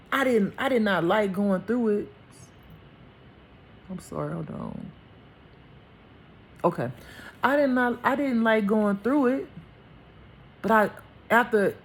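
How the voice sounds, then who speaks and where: A woman giving an impassioned personal monologue as a spiritual teacher, colloquial and blunt, dropping into a hushed lower voice when she speaks for God. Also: animated, measured pace, pauses often, a little hiss or hum.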